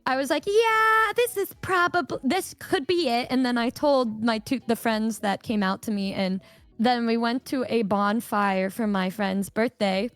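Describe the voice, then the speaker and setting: A young woman, a streamer, telling a candid personal story in casual chat, swearing freely and acting out what others said in a higher voice. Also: dry recording. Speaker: streamer co-host.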